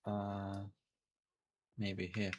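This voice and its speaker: A low-voiced man whose first language is Portuguese, chatting casually while he streams a game. He talks in a halting way and thinks out loud as he plays. Faint keyboard clicks sit behind his voice. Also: completely flat delivery, slight background noise. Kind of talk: casual gameplay stream chat.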